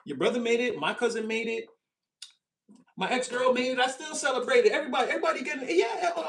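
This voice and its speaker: A man giving a casual, animated tarot reading, chatty and expressive and quick to laugh. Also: very high-pitched. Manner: animated, chatty, swings into voices, laughs often. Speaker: tarot reader.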